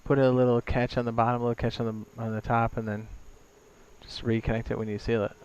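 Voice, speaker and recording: A man playing a game with a friend, making relaxed, offhand remarks and giving tips. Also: medium pitch, fast talker, clean tone, lo-fi sound. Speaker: fellow player. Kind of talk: casual gaming chat.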